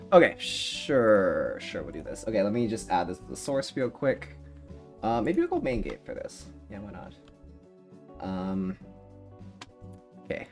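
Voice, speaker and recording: A young man streaming live, chatting casually in a rambling, self-mocking way and laughing often. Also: on the low side. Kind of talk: casual livestream chat.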